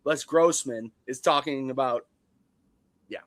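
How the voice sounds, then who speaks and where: A man's voice: mid-range voice, measured pace, no room sound. A man co-hosting a live show in casual chat, laughing often and swearing casually. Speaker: co-host.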